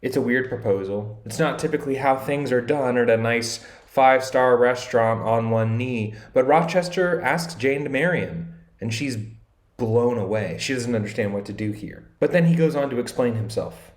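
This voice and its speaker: In an echoey room, a man with a mid-range voice walks through a classic novel chapter by chapter at a moderate pace. This literature explainer keeps it conversational, retelling scenes in modern slang and reading quotes aloud.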